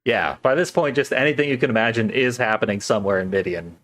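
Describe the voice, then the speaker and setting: A man co-hosting a podcast, giving a relaxed play-by-play recap of a movie and laughing often. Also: medium pitch, fast. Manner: laid-back play-by-play recapping with frequent laughs. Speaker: podcast co-host recapping a film. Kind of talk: casual chat.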